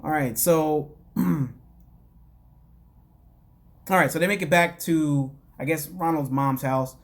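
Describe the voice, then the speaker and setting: A man's voice: a little high, fairly even intonation, slow. A man casually recapping a reality show as a podcast host, rambling with lots of fillers and wry, dismissive asides. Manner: rambling, loose, full of "you know" and "like".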